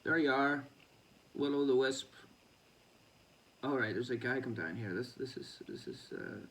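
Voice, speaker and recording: A man's voice: mid-range voice, expressive, unhurried, a bit bright, distant mic, low-quality recording. A man hosting a boxing show, reading news aloud and breaking off into chatty, sweary asides with laughing comments.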